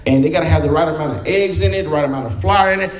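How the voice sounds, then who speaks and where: A man's voice: a little high, racing. A man preaching a sermon in a folksy, conversational way. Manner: folksy, conversational preaching with quoted voices and humor. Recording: echoey room with background music.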